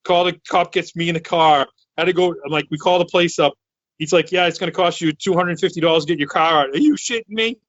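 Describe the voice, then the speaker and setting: A man from Massachusetts in his thirties, a podcast co-host telling a long story in a loud, excitable, rambling way, full of restarts. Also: a little high, quick pace, dry recording, dull audio. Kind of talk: casual storytelling chat.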